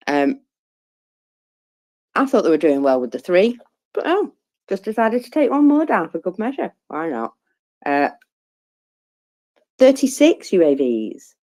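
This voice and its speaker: English lady, low voice but really bouncy, chatty and jokey, co-hosting an online chat. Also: dark tone. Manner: chatty, self-deprecating, laughs between figures. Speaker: co-host reading daily figures. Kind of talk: casual chat. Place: online audio space.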